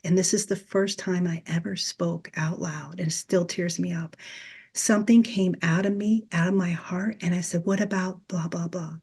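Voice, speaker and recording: A woman's voice: on the low side, steady tone, normal speed, a little mellow, breathy edge. Earnest middle-aged woman telling her story. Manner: earnest, retells conversations as dialogue. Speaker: guest, Reiki teacher. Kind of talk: personal storytelling in a podcast interview.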